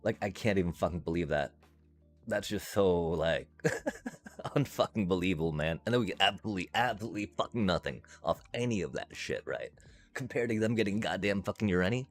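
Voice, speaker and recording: A man's voice: low voice, expressive, brisk, soft background music. A man streaming a card game, ranting and swearing in casual commentary. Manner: frustrated, swears constantly, rants.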